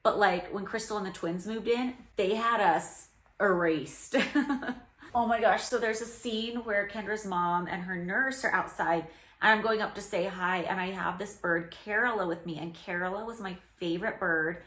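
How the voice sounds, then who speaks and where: A woman's voice: medium pitch, normal speed, a bit bright. A woman hosting a casual reaction commentary on a reality show, telling stories in a chatty way with lots of "like" and easy laughter. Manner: chatty storytelling with frequent "like" fillers and laughter. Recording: roomy echo.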